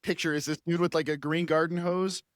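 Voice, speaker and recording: Male co-host, slightly raised pitch, playful casual chat, dry sound. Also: level tone, a little fast, no echo. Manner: playful, laughs along, riffs on the story. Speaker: podcast co-host.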